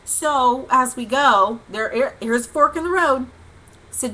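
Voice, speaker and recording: Bright-voiced woman telling a funny story. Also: high-pitched, slow, rough recording. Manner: animated, laughing storyteller, lots of "like" and "okay". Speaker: host. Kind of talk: casual storytelling livestream. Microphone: livestream webcam mic.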